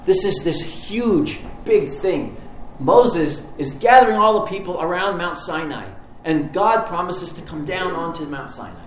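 A man's voice: high-pitched, lively intonation, measured pace, few pauses, a little hiss or hum. Conversational male pastor in a roomy hall. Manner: conversational, vivid storytelling. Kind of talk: sermon. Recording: roomy hall, faint ambience.

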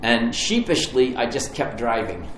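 A man preaching a sermon, telling a personal story with lively restarts and repetitions. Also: medium pitch, unhurried, echoey room, slight background noise, poor audio. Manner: storytelling, animated, stumbling restarts. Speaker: pastor.

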